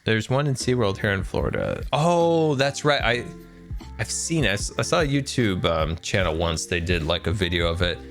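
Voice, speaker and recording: A rambling, chatty man streaming a game, his low voice swinging up and down in a lively way as he laughs along with viewers. Soft music plays underneath. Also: normal speed. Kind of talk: casual live-stream chat while gaming.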